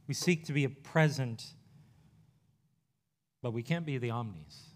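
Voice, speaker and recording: A male pastor preaching a sermon in an earnest, conversational way, rushing through some phrases and slowing on others. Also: mid-range voice. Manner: earnest, conversational preaching with quick bursts and pauses.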